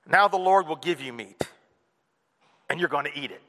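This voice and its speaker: A man preaching a sermon to his congregation, animated and playful, acting out whiny kids and an annoyed parent. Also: a little high, normal speed, long pauses. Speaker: pastor. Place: church hall. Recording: reverberant hall.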